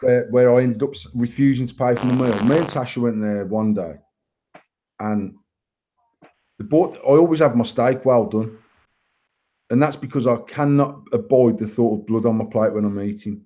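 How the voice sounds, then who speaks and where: A man's voice: medium pitch, normal speed, warm tone. A man hosting a live show, telling crude stories in a blunt, boastful way and swearing constantly. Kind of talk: casual storytelling chat. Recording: dull lo-fi live stream audio.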